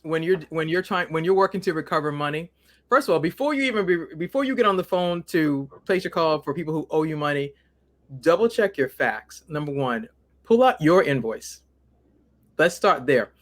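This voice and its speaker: A woman's voice: low-pitched, expressive, moderate pace. A woman guest in an interview, explaining step by step in a methodical way and counting off points by number. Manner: methodical, lists steps by number. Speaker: guest author.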